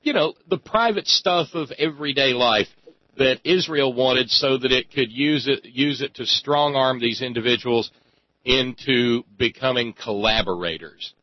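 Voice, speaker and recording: Emphatic talk radio host, dry sound. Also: male voice, mid-range voice, dry recording. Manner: emphatic, drawn-out phrasing with many fillers. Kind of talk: talk radio monologue and call-in chat. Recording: dry, slightly dull radio studio sound.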